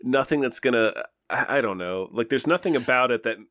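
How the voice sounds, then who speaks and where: A man's voice: mid-range voice, lively intonation, fairly quick, fairly bright tone, no room sound, studio quality. A man co-hosting a podcast, chatting casually about new movies with a rambling, exasperated manner. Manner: rambling, restarts, exasperated jokes. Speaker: podcast co-host.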